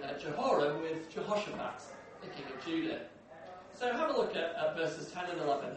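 High-voiced preacher in an echoey hall. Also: male voice, recorded from a distance, slight background noise. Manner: conversational, asks the room questions. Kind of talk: sermon. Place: large echoey church hall.

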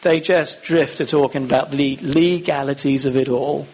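A man preaching a sermon, acting out the lines of the Bible characters with lively emphasis. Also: medium pitch, moderate pace, husky.

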